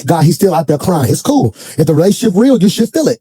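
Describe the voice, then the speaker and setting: A man preaching a sermon to a congregation in church, swinging between shouted, sing-song lines and folksy, colloquial storytelling with asides. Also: high-pitched, sing-song, fast, hardly any pauses, husky, no room sound. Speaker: pastor.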